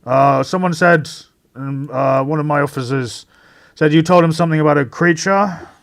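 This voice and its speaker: A man's voice: on the high side, normal speed, creaky, voice pushed up. A man voicing a courteous, firm police inspector in a tabletop game. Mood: polite firm. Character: polite, brisk male police inspector.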